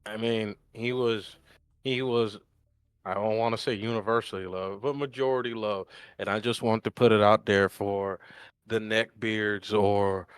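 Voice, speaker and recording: A man's voice: fairly low pitch, steady tone, measured pace, smooth, no room sound. A man co-hosting a casual podcast chat, ranting emphatically and hammering his points home. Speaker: podcast co-host.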